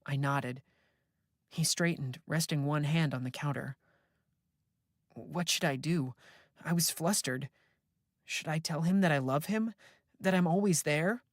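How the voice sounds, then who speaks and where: An unhurried, reflective storyteller reading a first-person ghost story. Each line is delivered slowly and with care, in a mid-pitched voice. The studio sound is dry and close, with no room around it. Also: no echo. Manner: measured, reflective. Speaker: audiobook narrator. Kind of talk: first-person horror audiobook narration.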